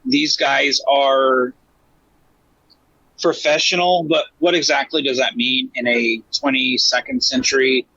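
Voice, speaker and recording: A man co-hosting a podcast in casual chat, animated and acting out characters' lines in a raised voice. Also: medium pitch, a little slow, vocal fry, breathy edge, dry recording, dull audio. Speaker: podcast co-host.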